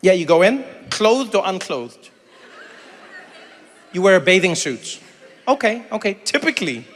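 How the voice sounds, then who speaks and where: Bright-voiced South African comedian onstage. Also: male voice, unhurried. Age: 30s. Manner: animated, jumps into high shouted impressions. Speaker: stand-up comedian. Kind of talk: stand-up crowd work. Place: large theater stage. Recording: live hall with faint crowd noise.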